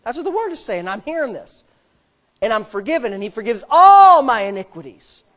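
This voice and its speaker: A man's voice: extremely high pitch, sing-song, fairly quick. Impassioned preacher man. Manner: impassioned, rising to loud emphatic preaching. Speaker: pastor. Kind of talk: sermon.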